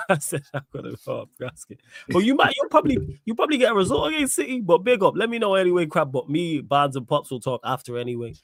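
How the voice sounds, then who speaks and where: A man hosting a live-stream chat, with a fairly high voice and a dry, close sound. He reads out comments between friendly banter, talks in street slang, and laughs easily. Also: animated, quick pace, no room sound. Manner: laughs a lot, uses London street slang like "big up" and "yo". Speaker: podcast host.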